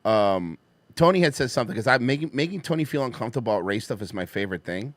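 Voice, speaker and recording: A man's voice: fast talker, dry recording. A man hosting a show, chatting crudely and reading out listener donations. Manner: animated, swings into loud high mock voices when quoting. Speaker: podcast host. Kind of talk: crude casual chat.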